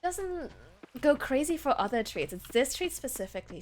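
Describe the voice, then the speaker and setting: A woman's voice: high-pitched, big pitch swings, normal speed, a little hiss or hum. A young woman streaming a game, chatting casually and giggling, sometimes switching between English and German. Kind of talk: casual gaming stream chat. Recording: faint background game music.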